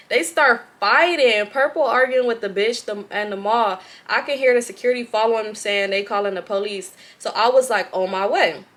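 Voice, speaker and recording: A young woman with a Southern Californian accent, a vlogger reading a viewer's story aloud with lots of profanity and animated reactions. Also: mid-range voice, moderate pace.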